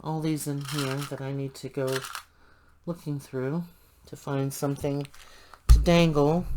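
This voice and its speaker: A woman's voice: sits low, a little mellow. An older woman chatting casually and thinking aloud as she works through a craft tutorial. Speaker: crafting channel host.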